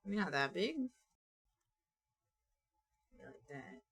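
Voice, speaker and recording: A woman's voice: fairly low pitch, normal speed, pauses often, a bit bright. A young woman chatting casually and playfully on a live stream while she draws, talking to her viewers. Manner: playful and chatty, talks to chat and to her characters.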